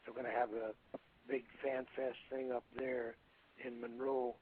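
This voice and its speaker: An older man, a retired wrestler, guesting on a radio interview and talking in a rambling, halting way. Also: medium pitch, level tone, a little hiss or hum. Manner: rambling, halting, calls hosts "brother". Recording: tinny phone line.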